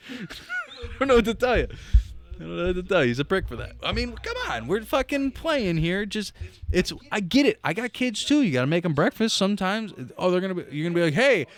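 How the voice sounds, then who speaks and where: Animated, profane man telling stories. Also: high voice, fast talker. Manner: animated storytelling with sound effects and profanity. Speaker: podcast co-host. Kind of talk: casual chat.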